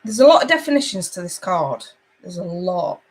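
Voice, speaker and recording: A woman's voice: fairly low pitch, big pitch swings, normal speed, slightly rough. A woman hosting a live tarot stream, chatting casually and affectionately with viewers as she reads out their comments. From United Kingdom. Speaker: tarot reader hosting a livestream. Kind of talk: casual livestream chat.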